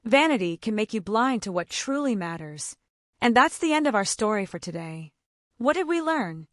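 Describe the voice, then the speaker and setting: Woman narrator, children's fable, lively expressive pitch, somewhat high voice, dry close sound. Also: dry recording. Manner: expressive, gently dramatic reading. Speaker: storyteller. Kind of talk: scripted storybook narration for children.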